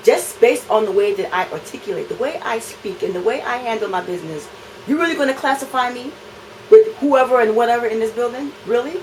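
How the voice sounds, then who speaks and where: A woman's voice: a little high, fairly quick, a little mellow, slight background noise, rough recording. A woman, filming an impassioned complaint in her apartment, talking indignantly and repeating phrases for emphasis.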